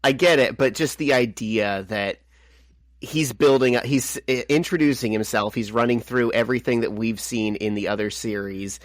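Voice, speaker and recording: A man's voice: mid-range voice, normal speed, dry recording, clean studio sound. A man co-hosting a podcast, explaining with enthusiasm why he likes a scene. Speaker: podcast co-host. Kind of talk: casual comic book discussion.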